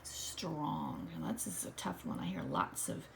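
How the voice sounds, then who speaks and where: A woman teaching an early-grade writing lesson, slowly sounding out letters and words in a soft, often whispered voice. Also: rumbling low, huge pitch swings, creaky, a little hiss or hum. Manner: slow, patient, sounding out letters.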